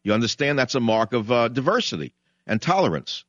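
A man's voice: mid-range voice, very animated, brisk, fairly bright tone, no echo. A male radio talk host with a sarcastic, mocking manner. His voice sounds dry and close, with a slightly dull, narrow tone from the studio. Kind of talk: combative call-in radio talk.

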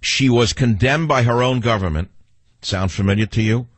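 A man's voice: medium pitch, normal speed, slightly rough, no echo. A man with a New York accent hosting a talk radio show in a combative, sarcastic monologue.

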